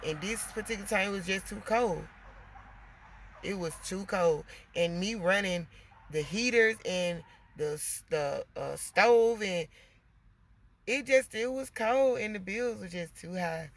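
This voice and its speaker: A woman's voice: medium pitch, a little slow. A woman with young kids venting casually to her viewers, swearing freely and calling them y'all. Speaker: vlogger.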